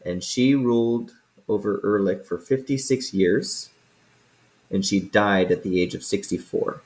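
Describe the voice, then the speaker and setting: A man narrating calmly and descriptively as game master of a tabletop game. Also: lowish voice, measured pace, rough recording.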